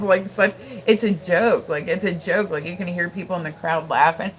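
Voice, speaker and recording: A woman's voice: fairly low pitch, normal speed, few pauses, faint music behind, low-quality recording. A woman hosting a casual livestream, telling stories in a rambling way full of "like" and "you know", with faint noise behind her. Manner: rambling, filler-heavy storytelling with frequent "like". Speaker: livestream host.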